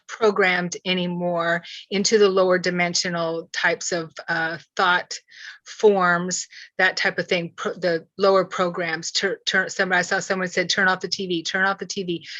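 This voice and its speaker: A woman hosting a spiritual channeling talk, speaking earnestly with halting restarts over a video call. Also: fairly low pitch, little pitch movement, sharp tone, dry recording. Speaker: host. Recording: dull, slightly lo-fi.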